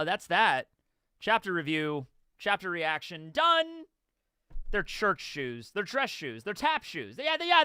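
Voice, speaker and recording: A man hosting a live chapter reaction, rambling and correcting himself, now and then jumping into quick character voices. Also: sits high, pushed and bright, no echo, studio quality. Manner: rambling, self-correcting, bursts into acted character lines. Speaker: reaction channel host.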